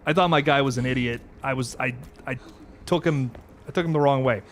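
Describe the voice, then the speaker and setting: A man streaming a horror game live, reacting with jumpy, swearing exclamations and then signing off quietly. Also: mid-range voice, a little fast, a little hiss or hum. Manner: quiet, relaxed sign-off. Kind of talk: live gameplay commentary.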